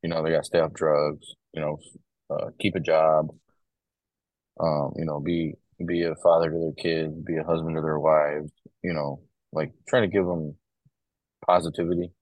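With a bass voice at normal speed, this young Ohio corrections officer tells easygoing stories on a podcast, his talk loose and full of fillers. No room sound can be heard, and the recording quality is low.

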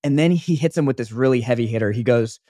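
A young man in casual podcast chat, piling up fillers as he rambles through a story. His voice sits at an ordinary middle pitch and sounds close and dry, with no room around it. He talks loosely and freely. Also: fast talker, mellow, no room sound. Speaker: podcast co-host.

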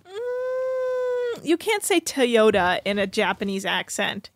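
A woman's voice: high voice, slow pace, dry recording. A woman co-hosting a podcast, retelling a reality show episode in a chatty, run-on way. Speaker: podcast co-host. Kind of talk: casual chat recapping a reality show.

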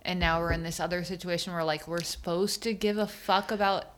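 A woman's voice: lowish voice, fairly even intonation, a little fast, a little hiss or hum. A middle-aged woman co-hosting a podcast, chatting casually and with exasperation as she recaps a TV episode, swearing freely. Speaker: podcast co-host.

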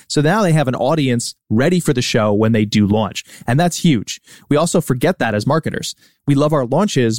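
Podcast host, male, mid pitch, explanatory coaching delivery, dry close-mic sound. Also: a little mellow, no room sound. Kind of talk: scripted podcast commentary.

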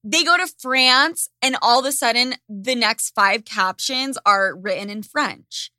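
A woman's voice: fairly high pitch, measured pace, bright, forceful tone, no echo, clean studio sound. A woman hosting a casual chat, ranting sarcastically and swearing freely. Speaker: podcast host.

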